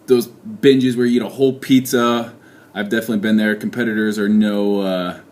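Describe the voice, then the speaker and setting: A young man talking casually in a video diary, joking and poking fun at himself as he rambles. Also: fairly low pitch. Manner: joking, rambling, self-mocking. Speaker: fitness vlogger. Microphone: handheld camera.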